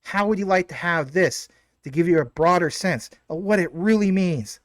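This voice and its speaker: A man hosting his own video, explaining ideas casually with rhetorical questions, fillers and quick self-corrections. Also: high-pitched, no room sound, clean studio sound. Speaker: crypto video host.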